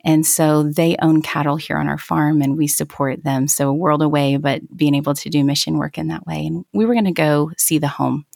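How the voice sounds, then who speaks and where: A woman in her thirties gives a personal testimony as an interview guest, speaking earnestly and reflectively and often circling back to restart her thoughts. Her low voice has a gravelly fry, a slightly mellow quality, a steady tone, and a moderate pace with hardly any pauses. The audio is dry and close, with no echo.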